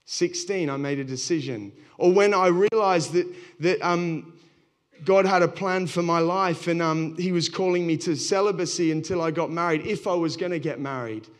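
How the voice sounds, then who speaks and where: A pastor telling stories from the pulpit in a frank, self-mocking way. His voice sits a little high for a man. He talks straight to the congregation. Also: normal speed. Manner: candid storytelling, self-deprecating. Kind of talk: sermon.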